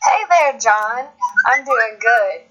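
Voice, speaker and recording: Woman, from Alabama, phone interview guest, chatty, laughs a lot, slightly high voice, dull lo-fi sound. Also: animated, slow, fairly bright tone. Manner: chatty, laughs often, restarts. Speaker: singer-songwriter guest.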